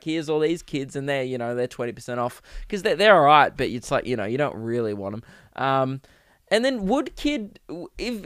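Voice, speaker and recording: A man's voice: medium pitch, clear, resonant tone, no room sound, clean studio sound. A young man hosting a comedy podcast, riffing crudely and acting out silly bits. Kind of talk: rambling comic monologue.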